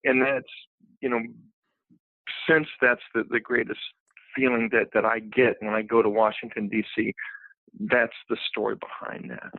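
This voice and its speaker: A man from Ohio, a guest telling a personal story, animated and emotional, with many restarts. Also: mid-range voice, moderate pace, gravelly, long pauses, no echo. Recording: dry, phone-like line.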